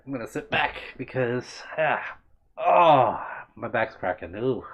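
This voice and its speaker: A man's voice: mid-range voice, animated, slow, lo-fi sound. A man hosting a livestream, chatting casually and greeting viewers by name as he reads their comments. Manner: friendly, meandering, answers chat by name. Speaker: livestream host.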